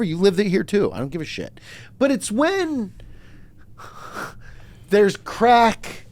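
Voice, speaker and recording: A man hosts a casual comedy podcast, telling stories with real animation. His pitch swings widely, climbing to shouted disbelief and then sinking into grumbling asides. He swears freely and talks quickly when he gets worked up. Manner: animated storytelling, swearing, big jumps up to shouted outrage. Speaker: podcast host.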